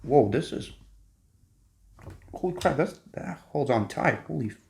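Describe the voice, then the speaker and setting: A young man filming a casual unboxing, excitable and swearing often, jumping between hushed whispers and squeals. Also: medium pitch, measured pace, vocal fry, a little hiss or hum. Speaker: vlogger.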